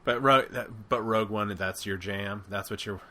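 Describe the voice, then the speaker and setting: A man co-hosts a casual podcast chat, his voice bright and forceful while sitting a touch low. He rambles loosely, filling his thoughts with fillers and quick asides. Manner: rambling, filler-heavy, animated. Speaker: podcast co-host.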